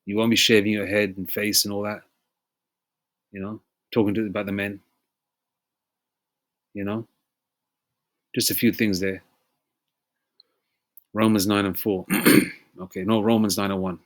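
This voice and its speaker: A man with a somewhat low voice delivers a loose, conversational sermon. He stresses his points emphatically and keeps checking in with "okay?" He reads scripture slowly and clears his throat between passages. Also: level tone. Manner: emphatic, repeats "you know?" and "okay?" often. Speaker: preacher. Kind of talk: informal sermon with scripture reading.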